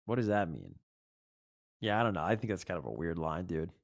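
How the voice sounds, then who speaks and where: A man's voice: low voice, very animated, brisk, creaky. A man hosting a music breakdown video, talking casually and reading lyrics aloud between comments. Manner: chatty, full of "like" and "bro", reads lyrics aloud. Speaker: music reaction video host.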